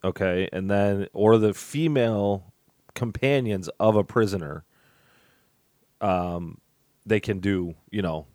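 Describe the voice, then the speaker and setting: A man's voice: fairly low pitch, slow, long pauses, a little mellow, no room sound, studio quality. A man in his forties chatting casually as a podcast co-host, rambling and laughing at his own jokes. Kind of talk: casual chat.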